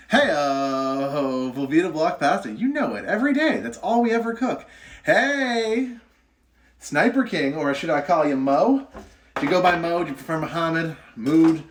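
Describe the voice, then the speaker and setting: A young man streaming live from his home kitchen, cooking, chatting and joking as he greets viewers by name. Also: fairly high pitch. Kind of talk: casual live-stream chat.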